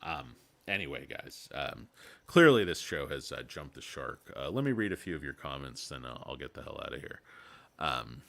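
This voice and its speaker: A man's voice: rumbling low, big pitch swings, normal speed, creaky, a bit bright. A man hosting a casual stock market video, rambling and irreverent with crude jokes, tired from lack of sleep.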